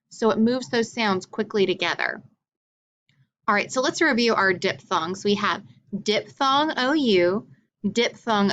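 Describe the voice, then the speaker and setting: A woman teaching a recorded phonics lesson for children, drilling letter names slowly and deliberately. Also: medium pitch, fairly bright tone, highs cut off, a little hiss or hum.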